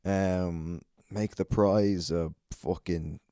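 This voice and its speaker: A man's voice: sits low, fairly even intonation, very slow, warm tone, no echo, studio quality. An Irish man hosting a solo podcast, rambling and swearing a lot, self-mocking and a bit out of breath. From Ireland. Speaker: podcast host.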